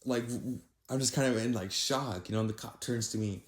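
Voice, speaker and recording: A young man casually narrating a storytime anecdote, voice jumping higher when he quotes his own disbelief. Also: a little fast. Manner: animated, rises sharply when quoting himself in disbelief. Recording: echoey room.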